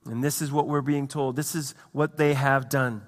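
Pastor preaching in a reverberant hall. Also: male voice, medium pitch, fairly even intonation, normal speed. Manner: conversational preaching with restarts and acted asides. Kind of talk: sermon.

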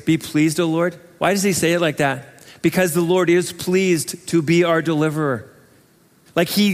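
A man with a high voice preaches a verse-by-verse sermon in an earnest, conversational way. He puts rhetorical questions to the congregation, and his voice carries a long reverb from the church hall. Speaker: pastor. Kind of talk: expository sermon.

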